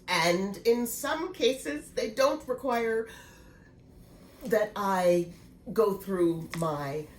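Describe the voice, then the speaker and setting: A woman in her sixties, slightly congested, chatting casually and laughing easily in a knitting vlog. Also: on the low side. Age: 60s. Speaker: knitting vlogger. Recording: echoey room with faint noise.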